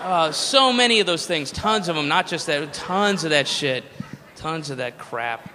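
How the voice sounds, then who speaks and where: A man's voice: a little high, expressive, unhurried, bright, forceful tone. A man doing a stand-up set, ranting profanely and sarcastically with mocking whispered asides. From United States. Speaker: stand-up comedian. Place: comedy club stage with laughing audience. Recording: live club recording, audience murmur and faint noise.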